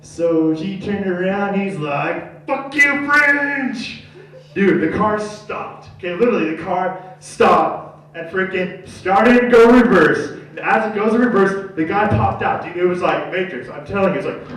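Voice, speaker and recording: A young man doing stand-up, telling a rambling, slangy story and loudly acting out the people in it. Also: high voice, moderate pace. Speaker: stand-up comedian. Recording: echoey room from far off.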